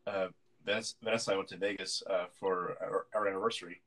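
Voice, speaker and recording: A man's voice: low voice, level tone, fast, fairly bright tone, low-quality recording. A man in casual podcast chat, rambling through an anecdote with lots of fillers and restarts. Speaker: podcast co-host.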